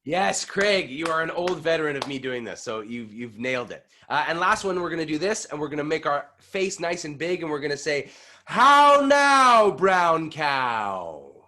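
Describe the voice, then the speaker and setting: Energetic man coaching vocal warm-ups. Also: fairly high pitch, fairly quick, hardly any pauses. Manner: energetic, coaching, demonstrates exercises loudly. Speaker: pitch coach. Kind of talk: online voice workshop.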